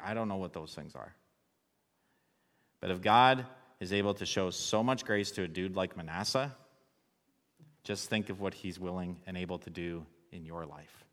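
Man, pastor, sermon, relaxed chatty delivery, lowish voice, long hall echo. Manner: relaxed and conversational, joking with the congregation.

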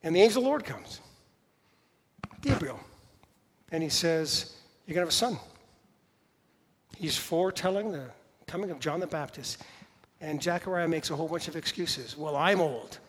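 A man's voice: on the high side, expressive, a little hiss or hum. Man preaching in a reverberant hall. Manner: conversational preaching with rhetorical questions and slow emphatic pauses. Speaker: pastor. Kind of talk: sermon.

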